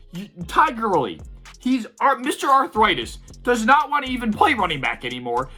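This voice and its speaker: A young man hosting a sports video rants heatedly and profanely, his high voice sharp-toned. He sounds repeatedly exasperated as the commentary goes on.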